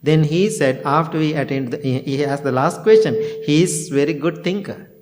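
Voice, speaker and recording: Chuckling monk giving a homely talk. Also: male voice, a little high, moderate pace, music in the background. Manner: plain simple phrasing with chuckles, acts out both sides of conversations. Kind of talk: informal dharma talk to a temple group.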